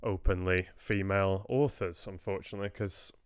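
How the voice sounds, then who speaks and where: A man's voice: low voice, steady tone, moderate pace, clean tone, dry recording, studio quality. A man hosting a casual livestream book club, chatting and rambling to viewers with laughs.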